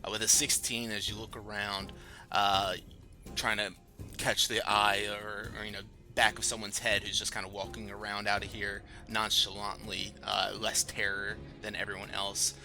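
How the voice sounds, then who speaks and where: A man narrating as game master of a tabletop game, rambling with many pauses. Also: lowish voice, flat delivery. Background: music.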